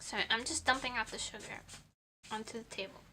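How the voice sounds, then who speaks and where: Squeaky, bright-voiced young woman streamer. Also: fast, a little hiss or hum. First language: Portuguese. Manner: giggly, rambling, playful. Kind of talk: casual livestream chat while baking.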